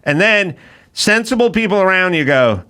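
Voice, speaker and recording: A man's voice: high-pitched, animated, normal speed, sharp tone, clear, resonant tone. A man hosting a comedy podcast, telling stories animatedly and acting out quoted lines with plenty of swearing. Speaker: podcast host. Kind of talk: casual comedic chat.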